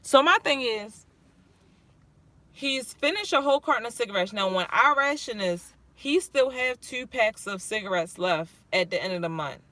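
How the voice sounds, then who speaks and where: A woman talks to her livestream chat about caring for her father. She sounds frustrated and on the edge of tears, rambling and swearing as she goes. Her voice is bright and tense. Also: fairly high pitch, animated, moderate pace, no room sound. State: close to tears. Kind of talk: livestream vent, reading chat.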